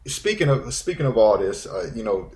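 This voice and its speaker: A man with a lowish, sing-song, slightly mellow voice hosts an internet radio talk show at a normal pace. He chats with a guest in a rambling, casual interview, full of restarts and filler words.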